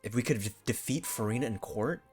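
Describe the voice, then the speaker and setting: A man streaming a game, reacting in an excitable, chatty way and greeting and thanking his chat. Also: medium pitch, fairly quick, breathy edge, faint music behind. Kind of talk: casual live-stream reaction.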